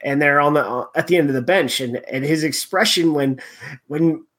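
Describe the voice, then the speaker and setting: A man hosting a casual sports chat, talking in halting bursts with many restarts and fillers. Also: a little high, fairly bright tone.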